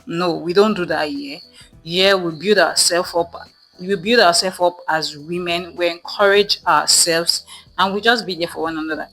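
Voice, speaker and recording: A woman's voice: fairly low pitch, steady tone, moderate pace, a bit bright, soft background music, low-quality recording. A young woman telling a storytime vlog, chatty with many fillers, acting out what people said. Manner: chatty, many fillers, acts out quoted dialogue. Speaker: vlogger.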